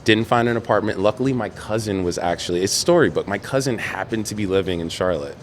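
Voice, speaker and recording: Man, deep low voice, casual interview storytelling, animated, faint rumble behind. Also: fast. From New York. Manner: animated storyteller, quotes others in dialogue, laughs often. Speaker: podcast guest, former Olympic swimmer.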